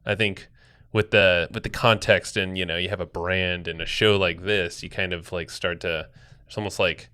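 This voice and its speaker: Male podcast co-host, low pitch, bright crisp tone, loose rambling delivery. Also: fairly even intonation, normal speed. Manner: rambling, loose, lots of restarts and fillers. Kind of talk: casual podcast chat.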